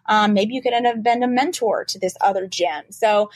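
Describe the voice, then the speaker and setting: A woman lawyer explaining trademark issues quickly and animatedly in a casual podcast interview. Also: medium pitch, dry recording. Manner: fast-talking, animated, explanatory.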